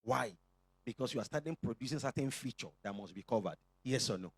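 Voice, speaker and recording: A man's voice: mid-range voice, lively intonation, brisk, slightly rough, no echo. A male pastor with a Nigerian accent preaching a sermon to his church, joking and calling for responses from the congregation.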